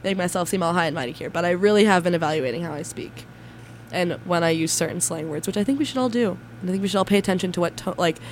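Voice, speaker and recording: A woman's voice: on the low side, fast talker. Young woman co-host, stuffy cold voice, giggly and self-deprecating, faint background noise. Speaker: radio show co-host. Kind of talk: casual chat.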